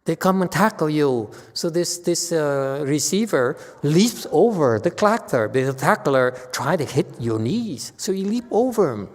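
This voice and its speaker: A man's voice: a little high, lively intonation, slow pace, in a large hall. A man teaching as a Buddhist master in a dharma lecture, blunt and dismissive, brushing off questions with impatience.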